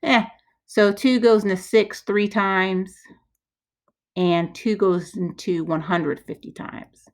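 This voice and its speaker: A woman's voice: medium pitch, fairly even intonation, slow pace. A woman math teacher talking herself through probability problems step by step, chatty and self-correcting. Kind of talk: thinking-aloud math walkthrough.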